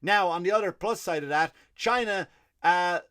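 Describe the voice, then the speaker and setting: A man's voice: high voice, moderate pace, a bit bright. An Irish man hosting a comedy podcast, telling a profane, rambling story in a monologue. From Ireland. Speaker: comedian host.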